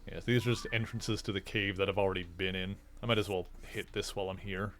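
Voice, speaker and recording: A man's voice: sits low, steady tone, fast, a bit bright. Playful man streaming a game. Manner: playful, chatty, talks to his cat. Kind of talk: casual gameplay commentary.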